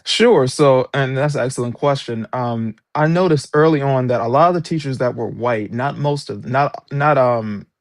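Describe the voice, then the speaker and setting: A man's voice: mid-range voice, moderate pace, hardly any pauses, no echo, clean studio sound. A man who is an author and former substitute teacher, giving an interview and telling his story with emphatic, indignant energy. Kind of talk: interview guest recounting experiences.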